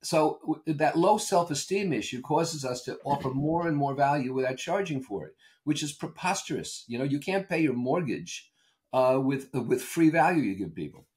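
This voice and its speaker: A man's voice: fairly high pitch, normal speed. An older man, a consultant and author, talks as a podcast guest. His voice moves through a wide range as he tells anecdotes and argues his points. He is emphatic and sure of himself. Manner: animated storyteller, emphatic and opinionated. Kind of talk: conversational interview answers.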